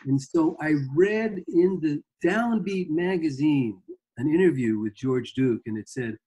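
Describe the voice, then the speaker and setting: A man's voice: a little high, unhurried, mellow, breathy edge. A man guest on an interview, telling rambling anecdotes about his music career and acting out quotes. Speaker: guest guitarist. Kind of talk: casual storytelling interview.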